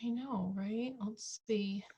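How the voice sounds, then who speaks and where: A woman hosting a team training call over video, talking in a chatty, upbeat way with quick asides. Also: mid-range voice, steady tone, mellow, breathy edge. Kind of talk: casual online tutorial chat.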